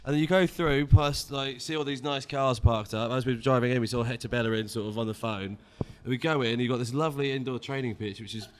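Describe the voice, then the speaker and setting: A man with a mid-range voice tells stories quickly and with animation. He is a panelist on a football fan podcast. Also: medium pitch, a little hiss or hum. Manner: animated, storytelling. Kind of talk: casual chat.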